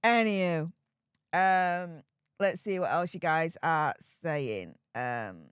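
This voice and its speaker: A woman's voice: deep voice, animated, takes it slowly, smooth, dry recording, clean studio sound. A woman with a Yorkshire accent hosting a casual livestream, reading viewer messages with chatty, laughing, sarcastic asides. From Yorkshire, England.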